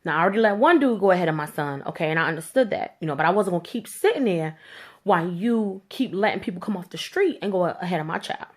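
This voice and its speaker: Woman ranting a storytime, slangy and blunt, swears a lot, kinda low voice. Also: quick pace. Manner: animated, blunt, swears freely; slangy informal speech. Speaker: vlogger. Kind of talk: storytime rant.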